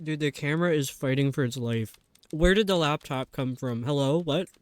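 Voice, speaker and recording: A woman with a low-pitched voice chats at a moderate pace while playing a video game, with no room sound in the recording. Her casual livestream commentary is rambling and self-mocking.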